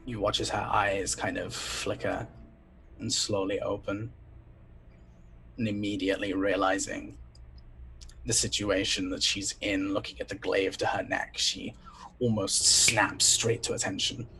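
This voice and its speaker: A man's voice: fairly low pitch, flat delivery, measured pace, gravelly, bright, forceful tone, slight background noise, poor audio. Man narrating as game master.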